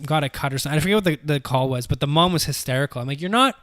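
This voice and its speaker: A man at a middle pitch who talks fast, throwing in blunt asides as a podcast co-host. His voice is recorded dry, with no echo. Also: fairly bright tone. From Canada. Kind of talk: casual podcast chat.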